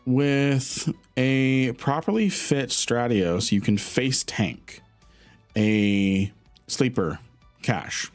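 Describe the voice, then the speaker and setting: A man streaming a game, answering chat in a relaxed, rambling way with frequent laughter. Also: on the low side. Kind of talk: casual live-stream chat.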